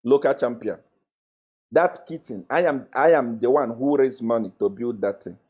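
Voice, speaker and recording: A man's voice: medium pitch, normal speed, warm tone, breathy edge. A young man gives a confrontational live-stream monologue as a self-styled prophet. He mocks and accuses, repeating his phrases and laughing with scorn. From Zambia.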